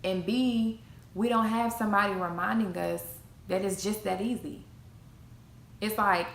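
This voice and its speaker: Young woman preaching self love into her camera, gravelly voice, roomy echo, a little hiss. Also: mid-range voice, measured pace. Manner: preachy, emphatic repetition. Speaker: motivational vlogger. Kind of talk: casual motivational talk. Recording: echoey room, faint noise.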